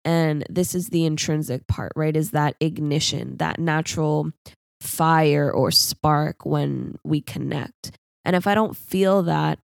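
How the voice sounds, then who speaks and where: A woman's voice: deep voice, gravelly, a little mellow, dry recording, clean studio sound. A young woman hosting a solo podcast, rambling casually and laughing at herself. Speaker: podcast host.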